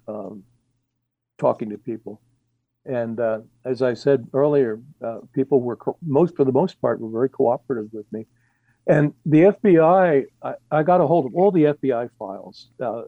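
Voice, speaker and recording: A man's voice: medium pitch, no room sound, dull audio. A man, an author as guest, talking in a rambling, hesitant way with many fillers and restarts, over a remote connection. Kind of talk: casual interview.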